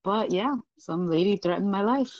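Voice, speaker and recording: A woman's voice: medium pitch, moderate pace, no echo, highs cut off. Profane, laughing woman telling a story. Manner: animated, profane, laughs often. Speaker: podcast guest. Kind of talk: casual storytelling.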